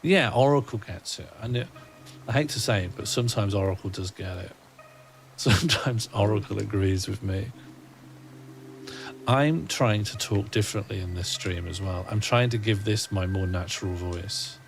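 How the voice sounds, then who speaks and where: Gravelly low-voiced man, musing. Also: moderate pace, slight background noise. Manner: musing, rambling self-talk, wry. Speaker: streamer. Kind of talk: casual gaming livestream chat.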